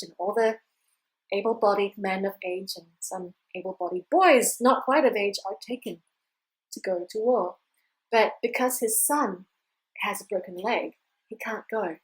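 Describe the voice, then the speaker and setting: A woman life coach telling a fable to camera in an animated, casual storytelling manner, acting out the characters. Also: medium pitch, low-quality recording.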